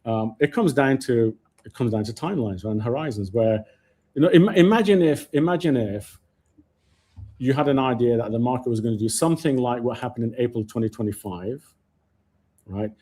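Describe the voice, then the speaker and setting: A man's voice: mid-range voice, fairly quick. A man debating stock market timing on a casual live show, talking over others and restarting his sentences. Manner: animated, talks over others, many restarts. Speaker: market commentator.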